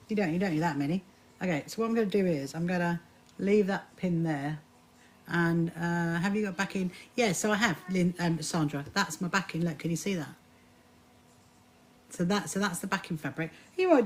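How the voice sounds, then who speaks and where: A woman hosting a casual sewing live stream, chatty, often restarting her sentences and greeting viewers by name. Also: lowish voice. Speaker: livestream host. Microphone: phone or camera on a live stream.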